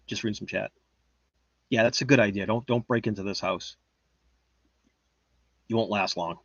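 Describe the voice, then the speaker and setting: A man's voice: on the low side, normal speed, a bit bright, dry recording, muffled recording. A man chatting casually on a livestream, reading the chat and rambling in a boastful, joking way. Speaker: livestream host.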